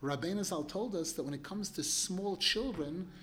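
With a high voice and a moderate pace, a male religious teacher preaches through animated stories. He's emphatic and occasionally clears his throat.

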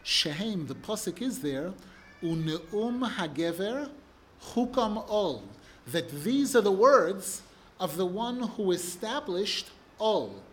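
A man with a notably high voice reads Hebrew passages aloud, then translates and explains them. His emphasis swells as he pleads a point. A faint noise sits underneath the recording. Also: sing-song, slow pace, fairly bright tone. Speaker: Torah teacher. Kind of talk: text study class.

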